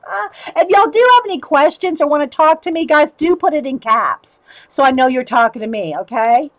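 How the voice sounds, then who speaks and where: A woman's voice: on the high side, dry recording, poor audio. A woman hosting a casual livestream, chatting with viewers, laughing often and reading letters aloud.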